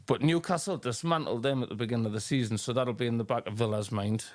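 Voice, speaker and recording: A man gives his view on football tactics in a relaxed podcast chat. He keeps stopping and restarting his sentences with fillers as he goes. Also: mid-range voice, fast. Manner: hesitant, many restarts and fillers. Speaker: podcast co-host.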